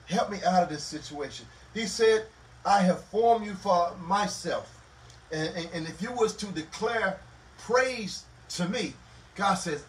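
High-voiced preacher in an echoey room. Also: male voice. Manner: impassioned preaching, swelling loud on scripture and sinking low. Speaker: pastor. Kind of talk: sermon at a Bible study. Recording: echoey room, mic at a distance, faint noise.

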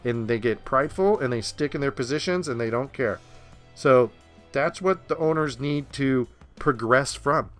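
A man's voice: mid-range voice, moderate pace, fairly bright tone, faint music behind. A young man hosting a solo sports podcast, ranting in a blunt, fired-up and sarcastic way. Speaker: podcast host. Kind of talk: opinionated solo podcast rant.

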